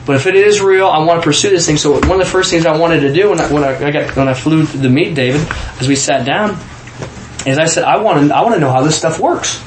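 Animated man telling a story, roomy sound. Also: fairly high pitch, slight background noise. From Kansas, USA. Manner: animated, acts out quoted voices, frequent restarts and laughs. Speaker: guest telling a testimony. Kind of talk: casual storytelling.

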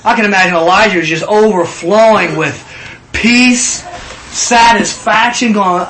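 A man leading a casual Bible study, teaching in an animated way and acting out scenes in voices. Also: sits high, normal speed, a little hiss or hum, poor audio.

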